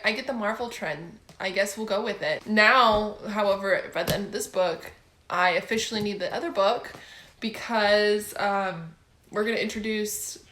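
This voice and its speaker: A young adult woman chatting casually about books she has read, gushing and excitable and often laughing. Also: medium pitch, reverberant. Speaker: book vlogger. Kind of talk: casual book review chat.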